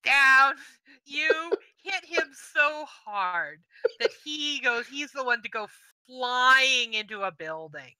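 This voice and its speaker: A woman narrating a tabletop game as game master, setting scenes in an unhurried way with fillers. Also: sits high, animated, sharp tone, clear, resonant tone, rough recording.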